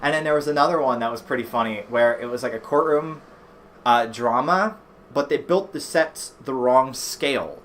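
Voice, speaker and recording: A man's voice: mid-range voice, normal speed, a bit bright, slight background noise. A man hosting a let's play, chatting casually and rambling with lots of fillers and swearing. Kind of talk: casual gameplay commentary.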